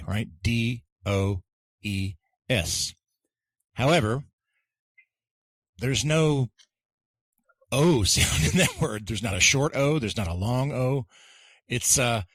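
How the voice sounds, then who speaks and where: A man co-hosting an English lesson podcast, explaining grammar deliberately and leading pronunciation drills. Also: fairly low pitch, fairly bright tone, no echo. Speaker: podcast co-host and English teacher.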